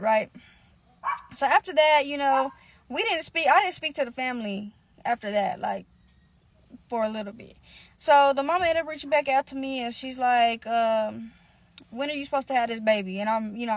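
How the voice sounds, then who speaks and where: A young woman telling a story in a casual monologue, full of profanity, acting out what each person said with lively, animated delivery. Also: sits high, no room sound. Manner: animated, profane, acts out quotes.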